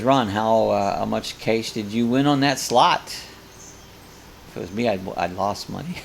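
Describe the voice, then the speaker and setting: Reading viewer comments aloud during his live coffee chat, an older man rambles casually from one to the next. The pitch is fairly low, and a faint hiss or hum runs under the recording.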